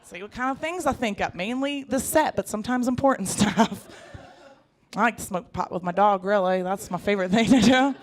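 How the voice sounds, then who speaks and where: A woman in her thirties performing a stand-up comedy set, animated and jokey, jumping into put-on voices. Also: medium pitch, a little fast, a little hiss or hum. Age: 30s. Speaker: stand-up comic.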